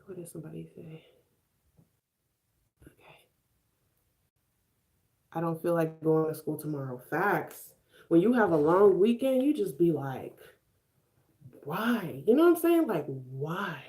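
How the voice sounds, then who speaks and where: A young Chicago woman in her twenties, her voice low and dark with lively intonation, streams live while doing her makeup. She speaks at a measured pace with frequent pauses, chatting casually, laughing often, and replying to viewer comments.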